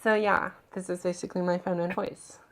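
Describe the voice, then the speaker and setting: A woman voice coach giving a clear, technical demonstration of vocal technique in a played-back clip. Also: lowish voice, little pitch movement, fairly quick, slight background noise. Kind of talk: instructional voice demo.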